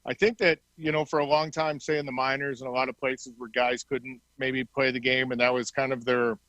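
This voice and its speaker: A middle-aged man who once played hockey tells casual stories as an interview guest, acting out the quoted lines with animation. His voice is medium-pitched and a little fast, in a lo-fi recording with no echo.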